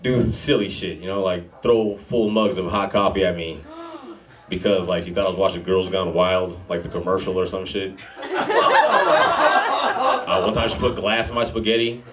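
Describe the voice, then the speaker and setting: A man in his thirties doing a stand-up comedy set in a club, with a laid-back, slangy delivery and deadpan dark jokes. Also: sits low, normal speed. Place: comedy club with a live audience. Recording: heavy noise behind a live club set.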